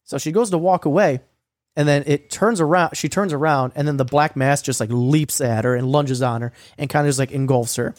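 A young man telling a story in casual chat, swearing a lot and filling his talk with "like" and "um," sometimes acting out quoted lines in a higher voice. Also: fairly quick, dry recording, studio quality. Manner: profane, rambling storytelling with many fillers; acts out quoted lines with a raised voice. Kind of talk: casual recap of a streamed game.

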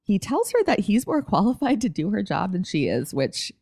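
A woman's voice: medium pitch, big pitch swings, moderate pace, vocal fry, darkish tone, dry recording, studio quality. A woman co-hosting a podcast, recapping a TV episode in casual, wry chat. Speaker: podcast co-host.

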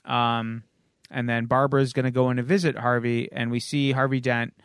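A man of middle pitch with a smooth, resonant voice, recorded dry and close. He walks through a comic plot in a casual, rambling way, with plenty of ums and uhs. He sounds like a podcast host chatting with friends. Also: level tone, normal speed, no room sound. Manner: loose, rambling retelling with frequent um and uh. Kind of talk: casual chat recapping a comic issue.

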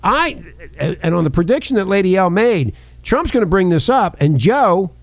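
A man's voice: sits high, sing-song, normal speed. A man hosting a casual political chat show, talking in a brash, mocking, rambling way. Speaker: podcast host.

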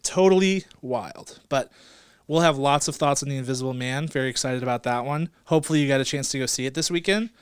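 A man's voice: medium pitch, fast talker, smooth, dry recording, clean studio sound. A man co-hosting a casual movie podcast, playful and teasing, laughing often. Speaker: podcast co-host.

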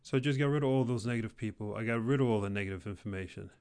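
A man giving an intense motivational talk, repeating phrases for emphasis and swinging between loud urging and quiet, low intensity. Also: racing, clean tone. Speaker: career motivational speaker.

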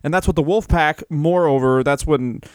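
A man co-hosting a wrestling podcast, chatting casually with wry, deadpan jokes. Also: a little high, normal speed, clear, resonant tone, no room sound, clean studio sound. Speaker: podcast co-host. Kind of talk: casual comedic chat.

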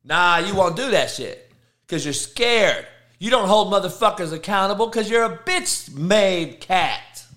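A man's voice: sits high, animated, a little slow. A middle-aged man, a football coach hosting a live show, ranting about sports in heated, profane bursts. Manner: profane, heated, shouting rants. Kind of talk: live motivational sports rant.

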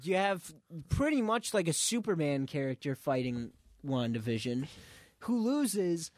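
A man in a casual movie discussion, animated and acting out lines he quotes. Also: fairly high pitch, measured pace, no echo. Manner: animated, acts out quotes, apologetic interrupter.

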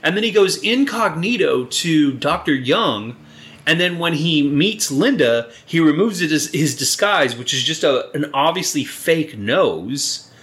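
A man's voice: fairly high pitch, lively intonation, a little slow, a bit bright. A man co-hosting a podcast in casual chat, rambling and swearing freely. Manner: rambling, swears freely, playful mock quotes. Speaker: podcast co-host.

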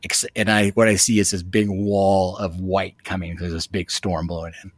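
A man guest telling a dramatic personal story in an animated way, with many restarts. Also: deep voice, moderate pace, no room sound. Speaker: podcast guest. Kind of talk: storytelling anecdote.

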